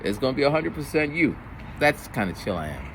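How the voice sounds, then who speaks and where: A man in his forties, a middle school teacher, telling stories from his week in a casual, animated way. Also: fast talker, a little hiss or hum. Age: 40s. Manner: animated, jumps into high voices for quoted kids. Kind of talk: casual storytelling vlog.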